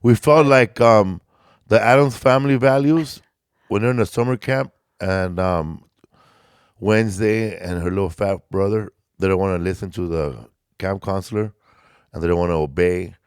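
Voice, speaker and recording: Blunt, joking low-voiced man. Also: normal speed, clean tone, no echo, studio quality. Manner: blunt, profane, jokey. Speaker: podcast co-host. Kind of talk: casual chat.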